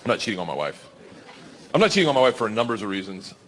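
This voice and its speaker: A man doing a stand-up comedy set, animated and storytelling, acting out voices and bantering with the crowd. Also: lowish voice, rapid-fire. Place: comedy stage before a live audience. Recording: live show with audience laughter and background noise.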